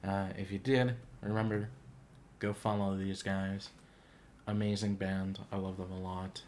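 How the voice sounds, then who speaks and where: A man's voice: low-pitched, little pitch movement, a little slow, darkish tone, a little hiss or hum. A man hosting a casual reaction video, talking in an earnest, heartfelt, gushing way. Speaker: YouTube reaction host.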